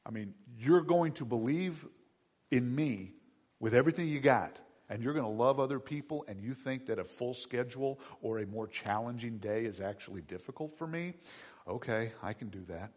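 A male preacher voicing God as a calm, gently teasing male deity in a quieter, lower tone than his preaching, his voice a bit husky. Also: normal speed, big-room sound, natural voice. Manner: gently teasing, low-key.

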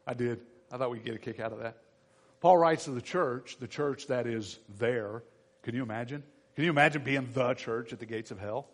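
A man preaching a sermon to his church, animated and acting out the voices of everyday people. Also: medium pitch, moderate pace. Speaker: pastor. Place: church sanctuary. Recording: long reverb in a church hall.

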